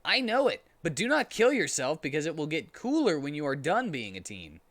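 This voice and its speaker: Sad gentle mom, voiced by a man: slow, earnest, slightly raised voice. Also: on the high side, sing-song. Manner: slow, earnest, mock-solemn. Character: grieving gentle mother of a hedgehog. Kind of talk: comedic dramatic reading.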